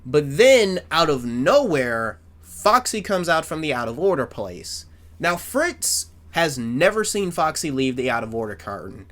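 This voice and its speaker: A man giving casual fan commentary as a YouTuber, rambling and swearing in an animated way. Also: fairly high pitch, measured pace.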